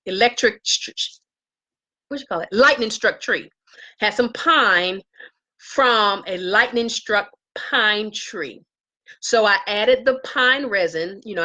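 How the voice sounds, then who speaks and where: A woman casually telling a story to live viewers from her home, acting out quoted lines in a higher voice. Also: highs cut off. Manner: animated, acts out quotes in a high voice. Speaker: live-stream vlogger. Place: home with herbs around.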